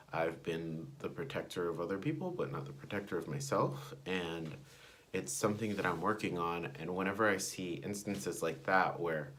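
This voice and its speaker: A man's voice: sits low, a little hiss or hum. A young man vlogging a personal story, rambling and digressing with many fillers. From United States. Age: young adult.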